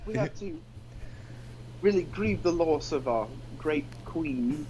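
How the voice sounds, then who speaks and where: A man's voice: a little high, lively intonation, takes it slowly, darkish tone, slight background noise, low-quality recording. An American man putting on an exaggerated British accent to mock-read the news. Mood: mock solemn.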